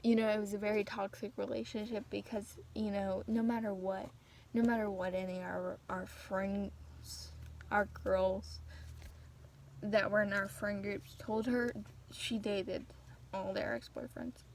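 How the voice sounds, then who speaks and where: A teenage girl rants casually about her friends. She talks in an unhurried way, with a gravelly, fry-laden voice. She rambles and gossips, with plenty of restarts and asides. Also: medium pitch, darkish tone, a little hiss or hum. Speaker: vlogger. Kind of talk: casual rant.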